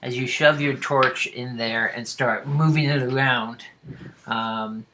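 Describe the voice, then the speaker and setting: A man narrating a tabletop game as game master, pausing often with fillers and restarts. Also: mid-range voice, fairly even intonation, noisy background. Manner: halting, with frequent fillers and restarts.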